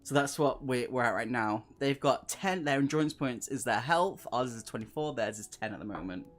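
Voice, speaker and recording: A man's voice: medium pitch, normal speed, soft background music. A man streaming a gamebook playthrough, reading aloud and chatting with viewers, laughing often. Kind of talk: live-stream reading and chat.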